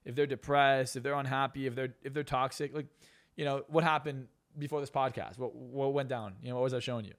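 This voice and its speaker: A man's voice: medium pitch, fairly even intonation, brisk. A young man, a guest on a podcast interview, talking bluntly with lots of swearing and emphatic jabs. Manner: profane, brash and emphatic. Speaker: guest, hypnotist and success coach.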